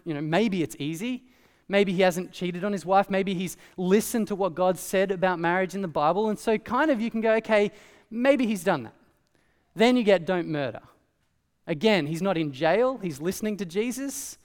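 Male pastor, casual lively preaching; high-pitched, reverberant church hall. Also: normal speed. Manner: conversational, animated preaching with asides. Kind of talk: sermon.

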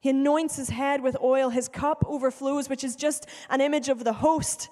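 A woman's voice: high voice, fairly even intonation, moderate pace, mellow. A woman preaching a sermon in an earnest way, often repeating phrases for emphasis. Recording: long hall reverb.

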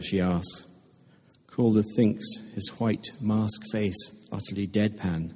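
A man reading a story aloud to a live audience, in a measured, understated way. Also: low-pitched, steady tone, a little mellow, husky. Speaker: reader at a literary reading. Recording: echoey hall with long reverb.

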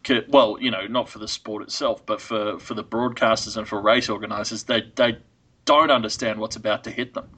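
A man's voice: lowish voice, steady tone, a little fast, pushed and bright, husky. A man co-hosting a casual podcast, talking enthusiastically with frequent exclamations. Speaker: podcast co-host.

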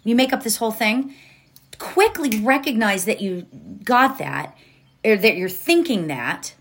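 A woman hosts a motivational podcast, speaking slowly and chatting straight to her listeners. Her pitch swings widely. There is faint environmental noise behind her. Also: expressive. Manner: chatty, laughs often, addresses listeners directly. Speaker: podcast host. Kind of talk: casual motivational podcast talk.

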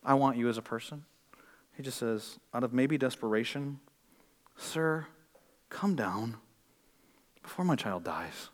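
A man preaching a sermon in a church, shifting between loud, emphatic stretches and quiet, intense ones. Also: medium pitch, a little slow, long pauses. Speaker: pastor.

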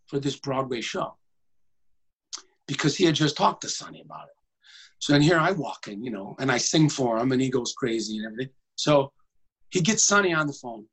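Animated male tenor telling stories. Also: on the high side, low-quality recording. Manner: animated, jumps into voices. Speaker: guest tenor singer. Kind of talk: comic storytelling in conversation.

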